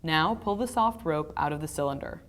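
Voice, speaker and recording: Woman, lowish voice, scripted how-to voice-over, measured step-by-step delivery. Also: expressive. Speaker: narrator of a repair video.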